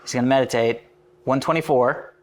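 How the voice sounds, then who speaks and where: A man's voice: medium pitch, fairly quick. A man in his forties co-hosting a podcast, teasing and joking in casual banter. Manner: animated, teasing, laughs and swears a lot. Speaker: podcast co-host. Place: studio.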